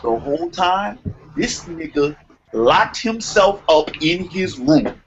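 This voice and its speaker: A young man telling a long story in casual podcast chat, profane and animated, acting out quotes. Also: high voice, slow pace. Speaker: podcast co-host. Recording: muffled lo-fi sound with faint noise.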